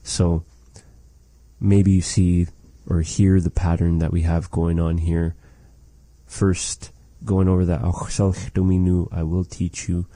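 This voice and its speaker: A man teaching a language lesson, slowly and patiently saying phrases and explaining what they mean. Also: low voice, warm tone, dry recording. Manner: repeats phrases slowly and explains them carefully.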